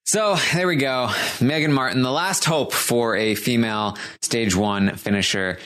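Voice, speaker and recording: A man's voice: medium pitch, measured pace, a bit bright. A man co-hosting a casual podcast, recapping a competition show with dry jokes and plenty of fillers. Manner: dry, joking, filler-heavy. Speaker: podcast co-host.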